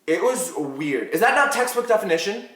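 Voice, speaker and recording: A teenage boy vlogger telling a story to camera in a dramatic, excitable way, swearing casually and often asking "right?". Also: high voice, moderate pace, roomy sound.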